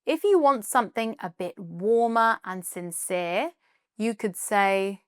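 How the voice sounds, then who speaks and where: A British woman presenting a scripted English lesson, explaining clearly and reading out example phrases. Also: mid-range voice, lively intonation, slow, no room sound, studio quality. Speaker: English teacher.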